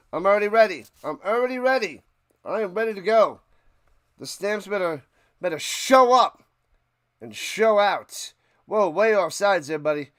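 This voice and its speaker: Man, high voice, smooth, dry close sound, excitable casual play-by-play streamer. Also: no echo. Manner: excitable, bursts into loud calls. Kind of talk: casual live play-by-play commentary.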